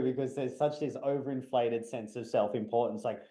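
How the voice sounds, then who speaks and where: A man's voice: medium pitch, fairly even intonation, fairly quick, few pauses, warm tone, roomy sound, low-quality recording. A man who is a guest on a podcast, talking bluntly in casual conversation and swearing now and then. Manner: blunt, swearing, acts out quotes with energy.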